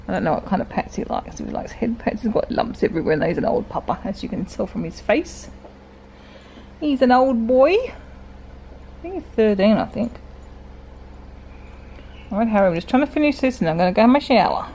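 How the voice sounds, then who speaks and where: Fairly high-pitched and sing-song, this woman talks briskly in a slightly mellow voice over a faint hiss or hum. She's an Australian in her forties, breathless after a workout, rambling and laughing to her dogs in a casual home vlog.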